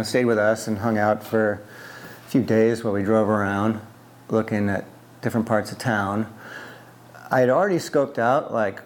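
A man recounting his business history in a loose, conversational oral history interview, with frequent fillers and restarts. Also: medium pitch. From US East Coast.

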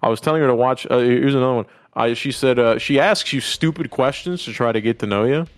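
A man's voice: mid-range voice, quick pace, dry recording. A man co-hosting a podcast, telling crude, joking stories in casual chat. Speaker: podcast co-host. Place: podcast studio.

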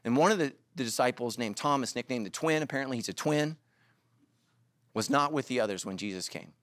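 A middle-aged pastor speaks a little fast in a mid-range voice, recorded with no echo. His sermon moves through animated stories, jokes, and quotes he plays out in character.

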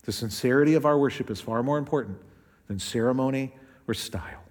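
A male pastor gives a sermon in a church sanctuary, and his voice rings with long reverb from the hall. He talks conversationally and acts out quotes, pitching them up or down and speeding up or slowing down as he goes. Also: darkish tone.

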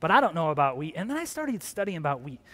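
A man preaching a lively sermon to a congregation, acting out other people's voices. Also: fairly high pitch, quick pace, faint music behind. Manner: animated, acts out voices of disciples. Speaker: pastor. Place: large room with a congregation. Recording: long hall reverb.

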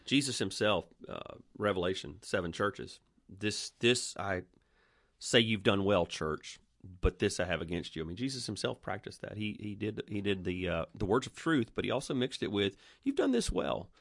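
A man's voice: on the low side, normal speed, fairly bright tone, no room sound, studio quality. A man co-hosting a casual conversation, often agreeing and affirming what the others say. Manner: affirming, frequent backchannel agreement. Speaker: co-host.

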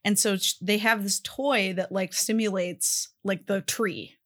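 A woman in casual conversation who adds short agreements and quick explanations. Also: mid-range voice, steady tone, fairly bright tone. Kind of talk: casual chat.

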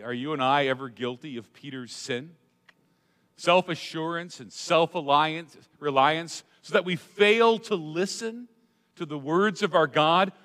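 High-voiced pastor preaching in a reverberant hall. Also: male voice. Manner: dramatic, swings from loud emphasis to hushed asides. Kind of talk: sermon. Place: church sanctuary.

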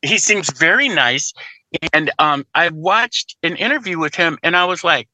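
A middle-aged man with a very bright, forward voice, pitched a little above the usual, talking casually as a guest. He tells stories in an animated, joking way. The sound is dry and close. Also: normal speed, no room sound, low-quality recording. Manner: chatty, animated storyteller who jokes and laughs. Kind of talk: casual conversation.

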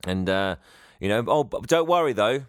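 A man's voice: fairly low pitch, lively intonation, moderate pace, clear, resonant tone, dry recording, clean studio sound. A man co-hosting a podcast, cheeky and sweary in casual comedic banter. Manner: cheeky, sweary, laughs often. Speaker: podcast co-host.

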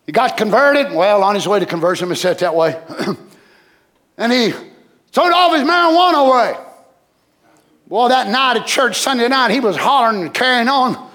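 A man preaching a sermon, dropping to low murmurs and rising to loud shouts. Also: a little fast.

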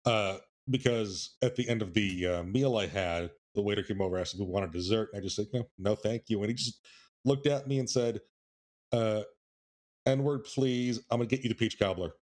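A man co-hosting a casual chat, with dry, deadpan humor. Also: lowish voice, moderate pace. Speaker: podcast co-host.

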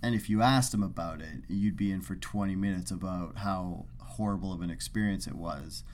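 A man's voice: low-pitched, normal speed, a little mellow, a little hiss or hum. A man co-hosting a casual podcast, telling joking, rambling stories and swearing freely. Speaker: podcast co-host.

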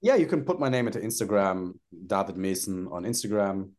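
Animated, blunt-talking man coach. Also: a little fast. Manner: blunt, swears freely, acts out quoted lines; swings widely in pitch for emphasis. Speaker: dating coach guest. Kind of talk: animated podcast interview talk.

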